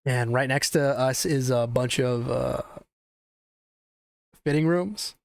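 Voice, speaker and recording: A young man hosts a casual podcast, spinning a rambling, swear-filled story with lots of restarts. His voice is smooth and resonant at a middle pitch. The sound is dry and close, with no room echo. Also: takes it slowly. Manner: profane, animated, rambling with restarts. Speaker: podcast host.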